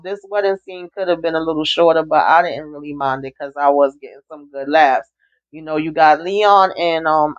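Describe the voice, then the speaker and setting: A woman giving a casual, chatty TV episode recap, acting out the characters' lines as she retells each scene. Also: low-pitched. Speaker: TV recap reviewer. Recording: dull lo-fi recording.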